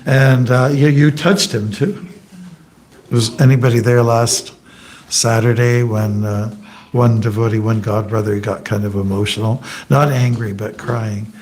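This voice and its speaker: A man at a mid pitch gives a relaxed scripture class in a temple hall. He tells stories, jokes and throws questions to his listeners, with a faint hiss of noise behind him. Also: measured pace. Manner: chatty and joking, asks the audience questions. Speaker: monk giving a scripture class. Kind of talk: informal scripture class with anecdotes.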